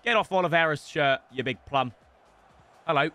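A young man commentating casually over a football video game, excitable and swearing, with sudden shouts and mutters. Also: on the high side, moderate pace, clear, resonant tone, soft background music. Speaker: gaming streamer.

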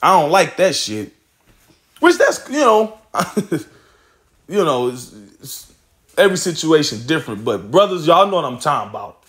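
A man's voice: a little high, very animated, normal speed, fairly bright tone. A man teaching scripture in a loose, casual way, swearing and laughing often as he reads verses aloud.

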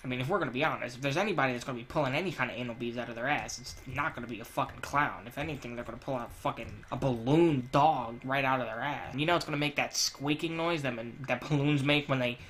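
A man talks over his gameplay in a loose, foul-mouthed running commentary, swinging between crude jokes and heated rants. His voice sits at a middle pitch, with a faint hum of noise behind him. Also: fast, few pauses, a bit bright. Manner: profane, ranting and crude joking. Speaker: gamer. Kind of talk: let's play commentary.

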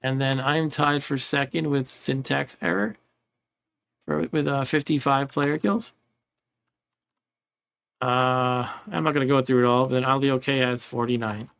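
A man's voice: medium pitch, fairly even intonation, measured pace, vocal fry, pauses often, a bit bright. A man casually commenting on his own game playthrough, rambling along, chuckling now and then and reading game text aloud. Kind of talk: casual let's-play commentary.

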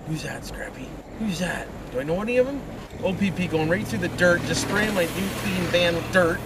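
Driving a van with the window open, a vlogger with an Ontario Canadian accent rambles on, ending his lines with tags like "it is," "boys" and "friggin' right." His voice sits high, with lively intonation and a moderate pace. The audio is windy and picked up from a distance inside the car.

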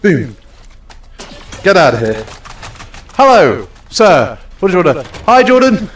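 A man's voice: a little high, big pitch swings, measured pace, far from the mic, faint music behind. A young man streaming a game, chatting casually and playfully bossing around the customers. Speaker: gaming streamer. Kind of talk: casual live-stream commentary. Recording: roomy echo, off from the mic.

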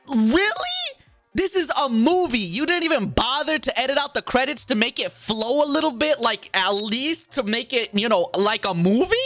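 Dude ranting in a vlog, super expressive, dry close sound. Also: male voice, very high-pitched, dry recording. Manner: exaggerated indignation, animated. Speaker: video creator. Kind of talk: comedic rant vlog.

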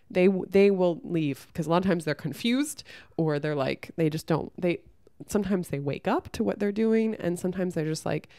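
A young woman talking frankly to camera, giving relationship advice and telling a story from her own life with lively acted-out quotes and some swearing. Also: lowish voice, no room sound, studio quality. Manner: frank and blunt, swears freely; lively storyteller who acts out the people she quotes. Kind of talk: casual advice monologue with storytelling.

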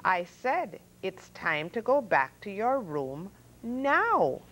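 Old Noah from a children's storybook, a tired but patient old man who coaxes and pleads with stubborn animals, his voice swinging lively up and down at an unhurried pace, as a woman reads him out. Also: medium pitch, heavily acted, poor audio. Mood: coaxing.

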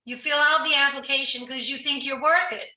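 Bright-voiced woman explaining earnestly. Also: high-pitched, fairly even intonation, fairly quick, echoey room, low-quality recording. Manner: earnest, explanatory, with frequent fillers and restarts. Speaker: guest addiction recovery professional. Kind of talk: conversational podcast interview.

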